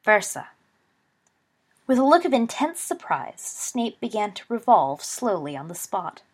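A woman narrating a story aloud in an expressive, brisk reading. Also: fairly high pitch, husky.

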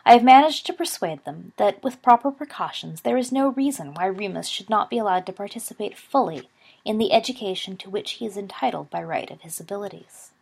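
A woman's voice: mid-range voice, expressive, fairly quick, vocal fry, breathy edge. Dumbledore, as a woman reads a courtly old wizard. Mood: calm, assured. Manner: courtly, gently assured. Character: elderly calm twinkling male wizard headmaster.

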